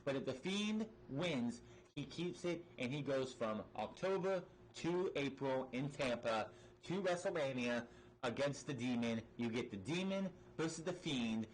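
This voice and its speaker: A man talking through a wrestling episode in a loose, off-the-cuff way. He is blunt and emphatic, drops swear words when annoyed, and often restarts his sentences. His voice sits at an ordinary middle pitch, with a faint hum of noise behind him. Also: expressive, unhurried, low-quality recording. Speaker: wrestling show reviewer. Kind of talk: casual recap and opinion commentary.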